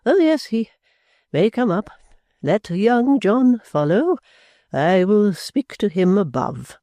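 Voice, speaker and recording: A reader voicing a proud, touchy elderly gentleman, pompous and slow, stalling on "ah" between stern phrases in a storybook reading. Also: medium pitch, very animated, dry recording, voice pushed up. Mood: stiffly polite. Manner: pompous, hesitant "ah" fillers, slow stern speech.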